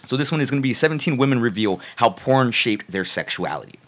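A man co-hosting a casual podcast, reading articles aloud with a relaxed, profane manner and occasional stumbles. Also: mid-range voice, fast talker. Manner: profane, laid-back, stumbles when reading. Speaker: podcast co-host reading news.

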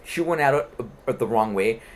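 A man in casual chat, excitedly retelling a comic book story with lots of swearing. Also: mid-range voice, a little fast. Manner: animated, profane storytelling.

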